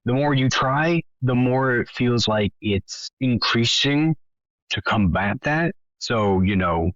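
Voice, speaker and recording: A man's voice: medium pitch, animated, slow pace, a bit bright, dry recording. A man running a tabletop game as game master, explaining rolls in a laid-back, matter-of-fact way. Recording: slightly dull lo-fi mic.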